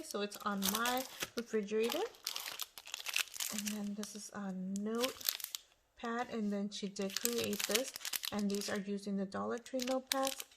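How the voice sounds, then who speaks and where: A woman with a slightly high voice chats casually as she unboxes craft supplies, gushing over every piece. Loud crinkling and tearing of paper sits right on top of her voice in the recording. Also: noisy background. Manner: gushing, exclaims over each item. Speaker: crafting channel host.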